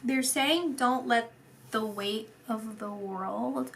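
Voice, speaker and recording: A woman giving a channelled psychic reading, soft and meandering, repeating words and sometimes dropping into a whisper. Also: fairly high pitch, slow pace, gravelly, slight background noise. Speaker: psychic reader.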